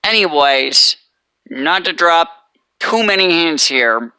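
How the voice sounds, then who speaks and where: A man's voice: on the high side, animated, slow pace, bright, forceful tone, clear, resonant tone, no room sound. A man giving a casual, emphatic motivational talk who keeps repeating "let me tell you" as he preaches his advice. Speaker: chef and motivational vlogger.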